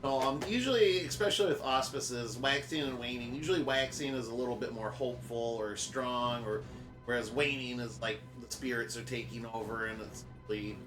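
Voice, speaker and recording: A man's voice: mid-range voice, normal speed. A man playing in a tabletop game, chatting casually and joking. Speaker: player. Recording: roomy sound with music behind.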